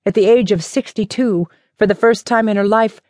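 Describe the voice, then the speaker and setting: A woman reads a mystery novel aloud in a measured, even manner. Her voice sits at a middle pitch. The recording is close and dry, as in an audiobook studio. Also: no echo. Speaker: audiobook narrator. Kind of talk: scripted narration of a mystery novel.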